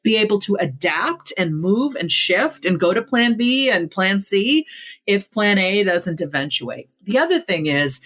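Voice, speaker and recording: A woman's voice: mid-range voice, very animated, unhurried, a bit bright. A middle-aged woman speaking as a guest author in a podcast interview, in an earnest, emphatic way that builds points in lists.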